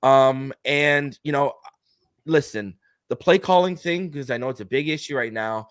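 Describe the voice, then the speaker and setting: A man in a podcast roundtable, arguing his sports points emphatically in quick bursts. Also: mid-range voice, clean tone, no room sound, studio quality. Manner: emphatic, argumentative, rapid bursts. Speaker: podcast guest. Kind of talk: heated sports roundtable debate.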